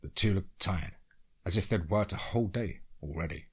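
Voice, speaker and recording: Husky man narrating a horror story. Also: low-pitched, normal speed, fairly bright tone.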